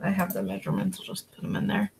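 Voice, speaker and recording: Over some background noise, a female reseller who vlogs online talks with viewers as she works, responding to what they ask. Her voice is creaky and gravelly, her delivery slow, relaxed and drawling, full of fillers, and she coaxes her dogs in a high-pitched voice.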